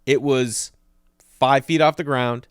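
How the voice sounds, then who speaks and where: A male comedian co-hosting a podcast, telling stories in a casual, animated way and acting out the people in them. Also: medium pitch, slow, clear, resonant tone, no room sound, clean studio sound. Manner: animated storyteller, acts out voices in anecdotes.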